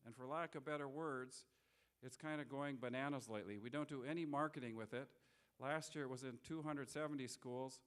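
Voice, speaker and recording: A middle-aged man speaking as a guest lecturer, telling stories in an earnest, unhurried way with frequent restarts. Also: mid-range voice, clear, resonant tone. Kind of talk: public lecture with storytelling. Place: lecture hall.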